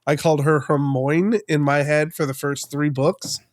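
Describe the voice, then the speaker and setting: A man's voice: a little high, steady tone, moderate pace, no echo, studio quality. A man co-hosting a podcast in casual chat, rambling with many restarts and fillers. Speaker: podcast co-host.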